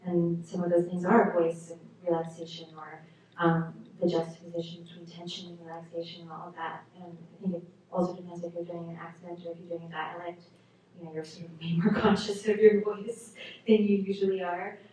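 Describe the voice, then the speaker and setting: A woman's voice: lowish voice, little pitch movement, a little fast, warm tone. A woman speaking as an actor on a Q&A panel, in a chatty, easygoing way. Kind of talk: Q&A panel discussion. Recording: echoey hall, distant mic, faint noise.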